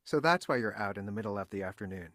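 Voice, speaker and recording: A polite American man with a cold who chats with an old friend. His pitch moves a lot in lively rises and falls, and the recording is dry and close. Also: fast talker, no room sound. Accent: American English. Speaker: textbook dialogue character. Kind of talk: scripted textbook audio dialogue.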